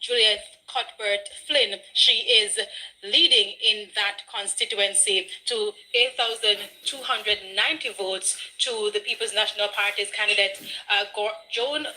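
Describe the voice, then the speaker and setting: A woman with a Jamaican accent presenting live news, briskly reading out figures with occasional fillers. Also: medium pitch, steady tone, sharp tone, rough recording. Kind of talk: live election results broadcast.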